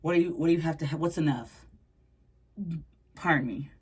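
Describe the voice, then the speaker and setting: Casual woman tarot reader, deep for her sex, teasing and chatty, over a noisy background. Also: a little fast. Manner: playful, chatty, uses pet names.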